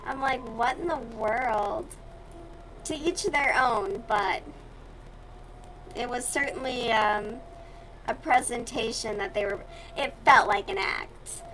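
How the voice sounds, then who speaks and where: A woman's voice: a little high, takes it slowly, long pauses, a bit bright, slight background noise, poor audio. A young woman from the US South chatting casually and bluntly with her stream viewers while she crochets, with plenty of swearing.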